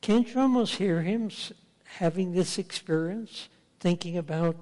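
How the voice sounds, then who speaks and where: A man's voice: sits high, measured pace, a little mellow. A man preaching a sermon, retelling a story in a folksy way and acting out the characters. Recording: long hall reverb.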